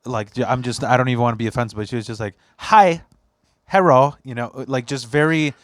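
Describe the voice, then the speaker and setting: A man's voice: mid-range voice, flat delivery, very fast, no room sound. A man hosting a casual podcast chat in a basement, telling a rambling story with laughs, swearing and teasing his friend. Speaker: podcast host.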